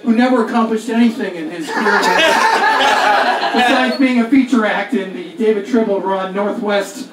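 A male stand-up comedian in his forties, profane and self-mocking, rambling through his set at a very high pitch. He is picked up from far off in an echoey room. A lively crowd laughs behind him. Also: normal speed. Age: 40s. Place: comedy club stage. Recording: echoey club heard from far off, audience. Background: audience laughter.

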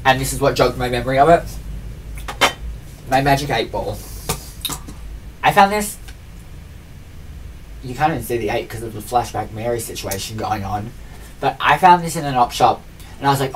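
A man's voice: mid-range voice, animated, moderate pace, pauses often, distant mic, a little hiss or hum, low-quality recording. A man in his twenties ranting in a chatty vlog, rambling with constant fillers and mocking himself. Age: 20s. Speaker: vlogger.

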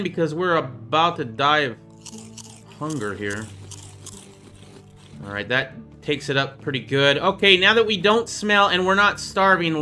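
A man chatting casually over his gameplay as host, playful and quick to joke at his own expense. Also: high voice, bright, forceful tone. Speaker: gaming video host.

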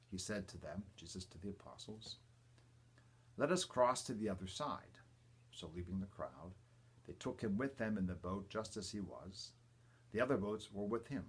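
Husky deep-voiced older priest. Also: male voice. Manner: measured, reverent reading with emphatic quotes and quiet asides. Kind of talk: reading the gospel and a homily. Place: church or home, livestream.

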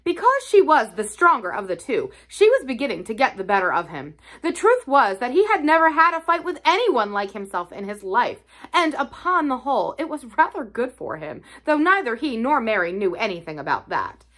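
A woman reading a classic novel aloud for a library, telling it in an expressive storytelling way. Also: fairly high pitch, normal speed, hardly any pauses. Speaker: library reader.

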